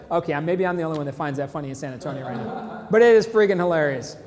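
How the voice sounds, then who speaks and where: Chatty man with a high voice. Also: expressive, brisk, big-room sound. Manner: chatty, jokey, laughs at memes. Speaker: host. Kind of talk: casual live-stream commentary. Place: San Antonio, Texas.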